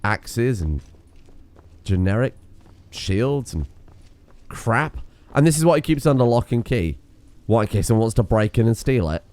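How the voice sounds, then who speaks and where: A man's voice: medium pitch, animated, unhurried, pauses often, a little mellow, no room sound. A man streaming a game, giving sarcastic, sweary casual commentary while feeling under the weather. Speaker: gaming streamer.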